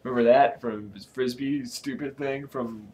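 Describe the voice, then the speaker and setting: A man casually reading a storybook aloud, with a lively delivery and joking asides. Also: medium pitch, measured pace. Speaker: channel host reading aloud.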